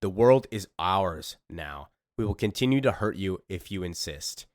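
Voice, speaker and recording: A cold cosmic invader gives orders slowly and menacingly, as a man puts it on. The voice is low and the recording dry and close. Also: animated, darkish tone, no echo.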